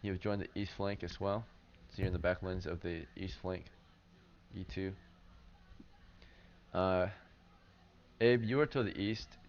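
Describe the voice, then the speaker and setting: Deep-voiced guy game-mastering, lots of um and right?, muffled stream mic, bit of hiss. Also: steady tone, a little slow, pauses often. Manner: loose, filler-heavy narration with frequent "right?" check-ins. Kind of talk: narrating a tabletop game. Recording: dull lo-fi stream audio with faint hiss.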